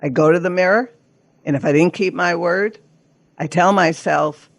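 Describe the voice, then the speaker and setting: A gravelly, fairly low voice belongs to an older woman, a therapist and coach, talking at a moderate pace with no echo. In this podcast interview she's earnest and emphatic, occasionally dramatizing inner voices as quotes.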